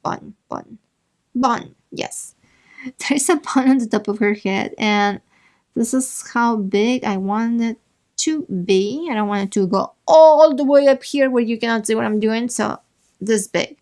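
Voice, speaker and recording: Woman, drawing tutorial host, slow unhurried talk, slightly high voice, chatty and playful. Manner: chatty and relaxed, talks to herself while drawing, playful asides. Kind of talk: casual drawing instruction.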